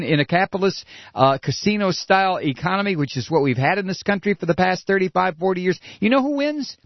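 A man's voice: sits high, dry recording. A man delivering an angry political rant, profane and sarcastic, with mocking asides. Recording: dull lo-fi recording.

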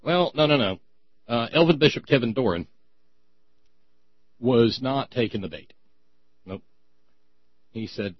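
A man's voice: mid-range voice, unhurried, pauses often, no room sound. Man, sarcastic comedy monologue, mocking, restarts, dull lo-fi recording. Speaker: host.

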